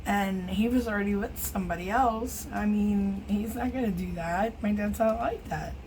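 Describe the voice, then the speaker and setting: A middle-aged woman, an acrylic pour artist, chats casually and rambles while painting in her home studio, teasing herself as she goes. Her mid-range voice has a darkish tone and a moderate pace. The recording is low quality, with slight background noise.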